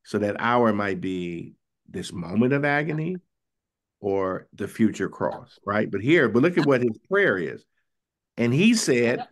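A bishop preaching a Bible study sermon in a conversational, questioning way, often asking "right?" and reading scripture slowly. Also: male voice, medium pitch, big pitch swings. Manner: conversational, questioning, tag "right?" after points; reads scripture slowly and drawn out.

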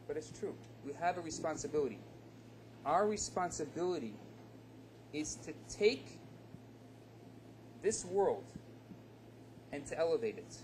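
A rabbi giving a lecture, a dramatic storyteller who acts out the dialogue. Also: male voice, on the high side, darkish tone, slight background noise.

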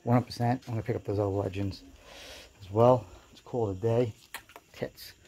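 A man who collects toys, giving casual running commentary with quick, blunt verdicts and casual swearing while shopping in a toy store. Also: on the low side, fairly even intonation, gravelly, mellow. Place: busy toy store, indoors. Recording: crowded store noise behind.

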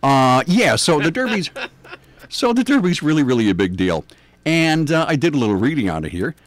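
The older morning radio host, a New Yorker with the accent to match, rambles through casual, self-deprecating chat. His voice is a little high and sing-song, and he speaks fairly quickly.

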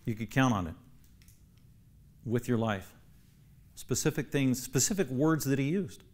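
A man's voice: medium pitch, animated, unhurried, darkish tone. A man, a pastor, teaching a Bible class, emphatic and repeating key phrases for stress while asking the class questions.

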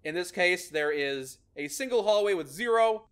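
A man's voice: high-pitched, lively intonation, moderate pace, fairly bright tone, smooth. A man hosting a gameplay video, explaining a maze-solving method in a casual, upbeat way and laughing often. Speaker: host explaining a maze algorithm in a game.

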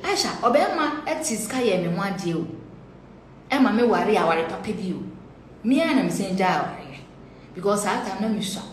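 Teasing woman in an echoey room. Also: a little high. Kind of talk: casual live-stream talk. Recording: echoey room, faint noise.

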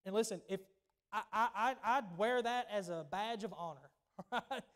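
A man with a Southern US accent delivers a sermon in a church, his voice sitting notably high for a man. He preaches in an emphatic yet conversational way, doubling back on words as he builds his point. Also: moderate pace, fairly bright tone. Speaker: pastor.

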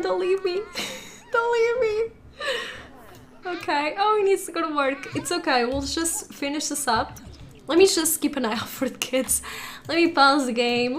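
A woman with a high, light voice talks through a game in casual let's play commentary, chatty and quick to giggle. She sits at a home setup on a desktop microphone, and a faint hum of room ambience hangs behind her. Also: a bit bright. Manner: giggly, chatty, frequently laughing. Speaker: gaming channel host. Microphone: desktop USB microphone.

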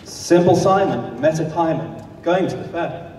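A man telling a comic tale in rhythmic rhyming verse, with a mellow, somewhat high voice. He sounds far from the mic in a reverberant hall, with faint ambience behind him. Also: unhurried, slight background noise. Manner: rhythmic storytelling in rhyme. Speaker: comic performer. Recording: echoey hall from a distance.

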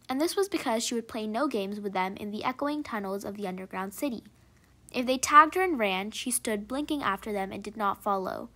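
A woman narrating a short story aloud in a measured, expressive reading. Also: a little high.

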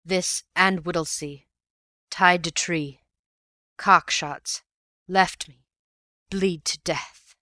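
A man voicing a wounded, exhausted bank manager who talks in weak, halting phrases. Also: fairly high pitch, little pitch movement, pushed and bright, dry recording, clean studio sound. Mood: faint.

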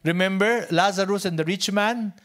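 A high-pitched male pastor with a Filipino accent delivers a sermon at a moderate pace. His volume swings between hushed near-whispers and emphatic loud passages, and he tends to repeat and restart phrases.

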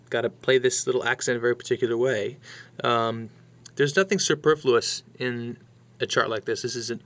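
A man teaching how to read a drum chart in a casual lesson, talking through it bar by bar and counting rhythms out loud. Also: mid-range voice. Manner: chatty, counts rhythms aloud, thinks out loud. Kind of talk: casual music lesson walkthrough.

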